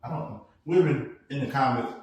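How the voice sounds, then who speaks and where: A man hosting a casual podcast chat, telling animated stories and laughing often. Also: mid-range voice, fairly quick. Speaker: podcast host. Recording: echoey room, mic at a distance.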